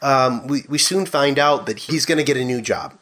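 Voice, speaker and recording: A man's voice: mid-range voice, normal speed, fairly bright tone. A man hosting a movie podcast in casual chat, with a jokey, mock-earnest, rambling way of talking. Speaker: podcast host.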